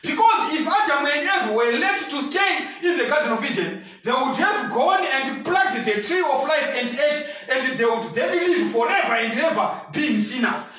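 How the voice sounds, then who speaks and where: A man preaching a sermon with fervor, often shouting for emphasis. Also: very high-pitched. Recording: echoey room, mic at a distance.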